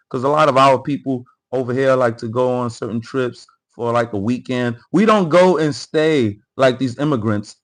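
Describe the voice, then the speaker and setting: A man's voice: mid-range voice, moderate pace, few pauses, low-quality recording. A man hosting a live political commentary stream. He reads chat comments aloud, repeats phrases and talks straight to his viewers. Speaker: livestream host.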